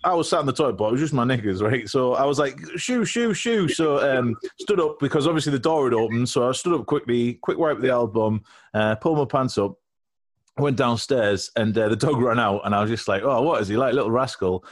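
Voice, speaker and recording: A man's voice: mid-range voice, a little fast. Man telling a cheeky story. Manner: rambling, cheeky, laughs at his own jokes. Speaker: podcast co-host. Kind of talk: casual comic storytelling.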